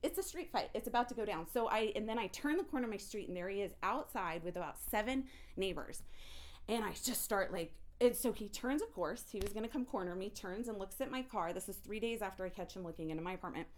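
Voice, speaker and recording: A woman's voice: medium pitch, fast talker. Woman telling an intense personal story. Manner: intense, animated, restarts sentences often.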